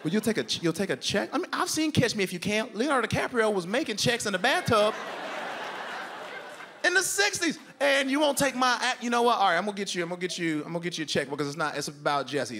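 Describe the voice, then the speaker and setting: A man performing stand-up on a club stage, telling a story in an animated way and acting out both sides of an argument. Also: a little high, slight background noise. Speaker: stand-up comedian. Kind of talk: stand-up routine.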